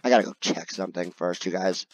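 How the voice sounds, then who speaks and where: A man giving casual let's-play commentary, grumbling and yelping high when cornered. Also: quick pace, no room sound. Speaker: gaming video creator.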